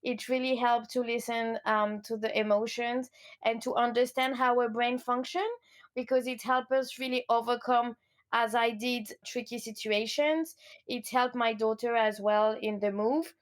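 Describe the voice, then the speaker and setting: A woman in her thirties with a French accent, speaking as an interview guest, earnest and upbeat, with frequent pauses and fillers. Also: on the high side, steady tone. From France. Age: 30s. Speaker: guest, educational kinesiology coach. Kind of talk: casual interview conversation.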